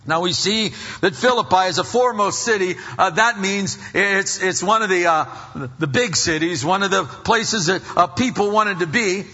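A man's voice: high voice, normal speed, few pauses, pushed and bright, long reverb tail, highs cut off. A man preaching a sermon in a folksy, conversational way, full of fillers and restarts. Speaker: pastor.

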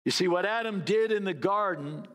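A man's voice: high voice, moderate pace, a bit bright, in a large hall. A man preaching a sermon, telling a story and mimicking barking dogs with playful asides. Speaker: pastor.

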